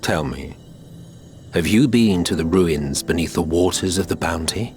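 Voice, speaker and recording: A man's voice: low voice, measured pace. An actor playing a haughty man in a game cutscene who quizzes a traveler about faraway lands, speaking in a grave, lofty and condescending way. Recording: game clip with loud music behind.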